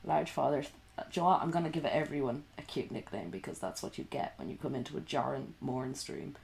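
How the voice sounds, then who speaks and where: A woman's voice: a bass voice, fast, creaky, a little mellow, a little hiss or hum. A woman streaming from home at night while sick and coughing, rambling in sweary, sarcastic casual chat. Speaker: livestreamer.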